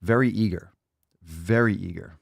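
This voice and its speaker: A man's voice: sits low, moderate pace, gravelly, no room sound, clean studio sound. A man hosting a casual livestream podcast, brash and profane, hyping people up and repeating phrases for emphasis. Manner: brash, profane, hyped-up gym talk. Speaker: podcast host.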